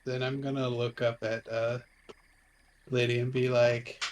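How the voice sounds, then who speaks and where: A man playing a tabletop game, talking in an unhurried, easygoing way. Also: mid-range voice, flat delivery, slight background noise, poor audio. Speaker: player. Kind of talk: casual chat during a tabletop game.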